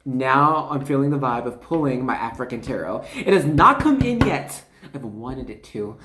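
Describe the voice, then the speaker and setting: This is a chatty, excitable tarot reader talking straight to the viewer, with a voice that sits in a middle pitch. The delivery is loose and full of fillers and quick asides. The voice rings with a noticeable room echo. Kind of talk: casual spiritual card reading. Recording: echoey room.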